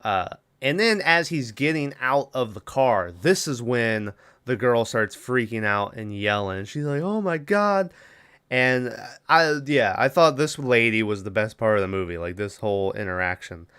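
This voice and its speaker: A man's voice: lowish voice, moderate pace, a bit bright, clear, resonant tone. A man hosting a podcast alone, retelling a horror film's plot in a loose, rambling way, with many fillers and quoted bits of dialogue. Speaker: podcast host. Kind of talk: casual solo movie recap.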